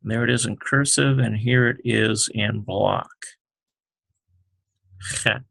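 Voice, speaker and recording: A man teaching the Hebrew alphabet, talking slowly with many fillers as he writes out each letter. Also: on the low side, creaky, a bit bright, no room sound. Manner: slow, halting, many fillers, explains while writing. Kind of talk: unscripted alphabet lesson.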